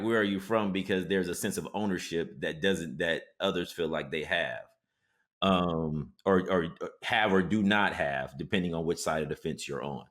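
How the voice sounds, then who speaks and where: A man hosting a podcast, a psychotherapist telling stories in lively conversation, often checking in with "right?". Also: low-pitched. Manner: animated storyteller, tags his points with "right?". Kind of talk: casual interview conversation.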